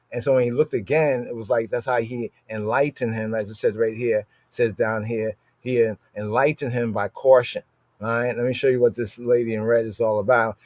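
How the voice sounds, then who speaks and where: A man's voice: medium pitch, dry recording. A man teaching a Torah study in a loose, conversational way, dropping "right?" after almost every phrase. He circles back over Hebrew words to define them. The recording is dry and a little muffled. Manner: conversational, keeps asking "right?". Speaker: Bible teacher.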